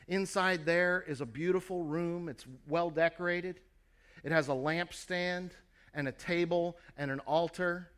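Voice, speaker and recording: A patient, apologetic male gatekeeper speaks in a slightly higher voice, as a preacher acts him out. He explains things in a matter-of-fact way and gently corrects the listener. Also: fairly even intonation, a little slow, clear, resonant tone. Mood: explaining.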